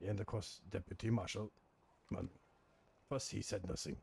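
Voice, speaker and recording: A gravelly, rasping outlaw with a low voice, as a man plays him. He tells his story in clipped, broken English and swears without a second thought. His tone is blunt and defiant. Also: fairly even intonation, moderate pace, a little mellow, full character voice. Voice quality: gravelly and husky. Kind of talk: roleplay in a western game.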